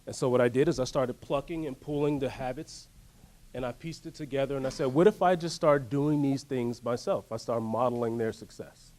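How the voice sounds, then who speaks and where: A man giving a motivational workshop talk, telling a story in an animated way and asking the audience to join in. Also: mid-range voice, fairly quick. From United States. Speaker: workshop speaker. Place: workshop room.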